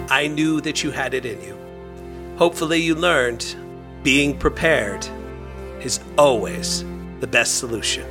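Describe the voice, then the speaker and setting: A man voicing a proud, stern young society lady with a commanding, haughty manner. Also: medium pitch.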